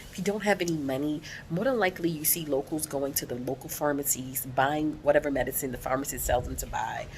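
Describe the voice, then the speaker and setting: A woman's voice: low voice, quick pace, a little hiss or hum. A woman with an American accent, talking in a casual vlog, voicing emphatic and outspoken complaints. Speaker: vlogger.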